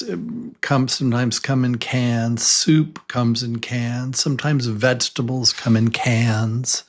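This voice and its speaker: A man leading a beginner pronunciation class at an extremely slow, deliberate pace. He is patient and stretches out each vowel, says words over and over, and asks simple questions for learners to answer. His pitch sits in the middle range. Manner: very slow, drawn-out vowel demonstrations and repetition. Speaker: ESL teacher.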